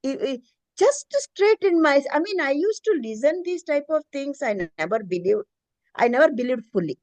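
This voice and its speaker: On a video call, a middle-aged preschool teacher taking part in the meeting tells a personal story with earnest, faltering emotion. She has a high, sing-song voice with a darkish tone, talks at a moderate pace, and the recording is dry.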